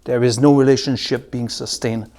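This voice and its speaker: Man teaching scripture, loud then hushed. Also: mid-range voice, steady tone. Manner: slows down to spell out and repeat key words; swings between loud emphasis and soft asides. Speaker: Bible teacher. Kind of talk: Bible study teaching.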